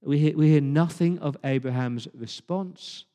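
Impassioned preacher in a reverberant church. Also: male voice, fairly high pitch, dark tone. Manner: impassioned preaching with dramatic pauses and repeated words. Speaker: pastor. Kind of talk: sermon.

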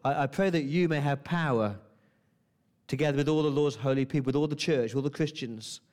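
A man's voice: mid-range voice, brisk, darkish tone. Earnest man preaching a sermon. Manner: earnest, repetitive emphasis with rhetorical questions.

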